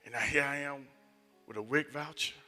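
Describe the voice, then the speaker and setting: A man preaching a sermon and telling personal stories, moving between loud emphatic passages and hushed near-whispers. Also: mid-range voice, moderate pace, soft background music. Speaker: associate minister. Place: church sanctuary.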